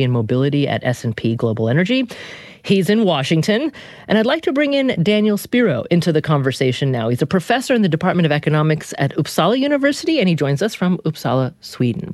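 A woman's voice: low voice, dry recording. Woman talk-radio host, articulate interviewer, dry studio sound. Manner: articulate, interjects to steer guests. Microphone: studio microphone.

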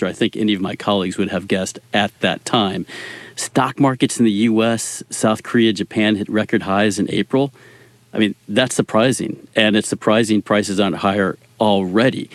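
Male analyst guest, lowish voice, dry sound, easy confident explainer. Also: moderate pace, no room sound. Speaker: energy market analyst guest. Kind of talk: radio interview. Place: in Washington.

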